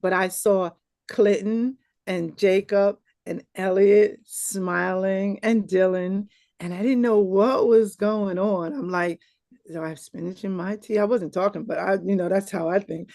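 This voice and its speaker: A woman's voice: medium pitch, steady tone, a little slow, vocal fry, mellow, no echo, clean studio sound. A woman guest telling an amused, chatty story on a live show. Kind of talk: casual chat.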